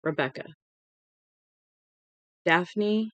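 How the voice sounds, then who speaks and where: An amateur audiobook reader giving a casual read-aloud with chatty asides, stumbling on words and correcting them out loud. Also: mid-range voice, extremely slow, long pauses, dry recording, muffled recording. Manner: conversational and unpolished.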